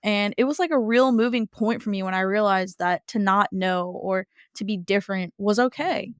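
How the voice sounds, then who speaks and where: A woman co-hosting a podcast in casual chat, gushing and animated, with lots of "like" and "um". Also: mid-range voice, moderate pace, clear, resonant tone, no room sound, studio quality. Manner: gushing, animated, chatty with many fillers. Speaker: podcast co-host.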